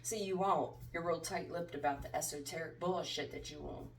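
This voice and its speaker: A woman's voice: low-pitched, moderate pace, recorded from a distance, a little hiss or hum. A woman giving an angry, confrontational tarot reading, preaching and swearing as she goes. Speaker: tarot reader.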